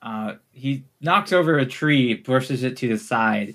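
An unhurried man narrating a tabletop game as its game master. He is easygoing, calls for rolls in a relaxed way and laughs often between rulings. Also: mid-range voice.

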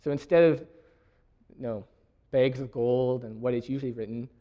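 Young man preaching a lively sermon. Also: mid-range voice, normal speed, lo-fi sound. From Canada. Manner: lively, laughing often, reading scripture aloud.

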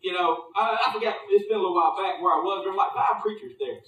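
A high-pitched male preacher delivers a sermon in a loose, conversational way and keeps checking in with the congregation. His voice rings through a roomy, echoing space, picked up by a mic some distance from him. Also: quick pace, sharp tone. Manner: conversational, asks the congregation questions.

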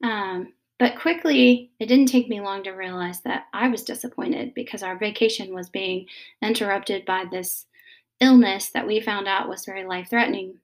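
A woman, in her thirties, talking casually and gently about parenting, with many pauses and fillers. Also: mid-range voice. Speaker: mother giving parenting advice. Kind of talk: casual advice talk.

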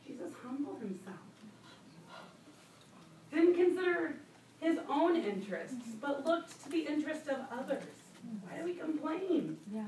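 A woman's voice: high-pitched, lively intonation, unhurried, long pauses, darkish tone, roomy sound, a little hiss or hum. A woman teaching a Bible study to other women, talking conversationally with laughing asides and emphatic repetition, recorded from a distant mic in a church room. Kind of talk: sermon teaching.

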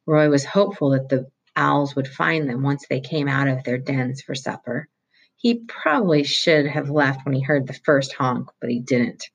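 A reader reading a novel chapter aloud at a steady pace, with small slips and restarts. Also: medium pitch, normal speed, husky, dull audio. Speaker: audiobook reader.

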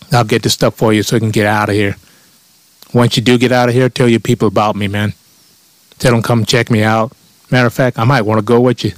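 A man's voice: lowish voice, no room sound. A man telling a rambling comic monologue in a profane, offhand way.

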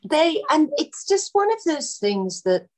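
Animated woman telling a story. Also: high-pitched, measured pace. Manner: animated, acts out quoted voices, many fillers. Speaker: actress, podcast guest. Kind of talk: casual storytelling chat.

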